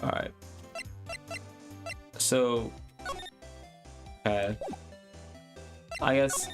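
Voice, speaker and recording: A man's voice: mid-range voice, fairly even intonation, extremely slow, over music. A man streaming a game live, mocking himself with light chuckles between reading lines. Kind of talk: live gameplay commentary.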